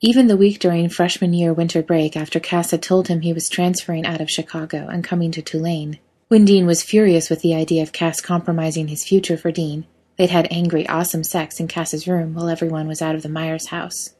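A woman narrating a romance story aloud with expressive, emphatic delivery. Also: fairly low pitch, brisk, slightly rough. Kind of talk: reading fiction aloud.

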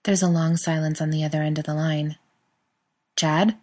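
Female narrator, lower pitch, steady storybook reading. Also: quick pace. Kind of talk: scripted narration.

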